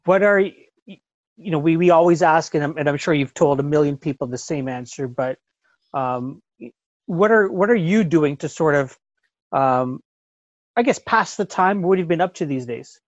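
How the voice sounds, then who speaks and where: A man's voice: a little high, normal speed, dry recording, highs cut off. A man hosting a podcast from his bedroom, upbeat and often stumbling over his words. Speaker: podcast host. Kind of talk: casual podcast chat.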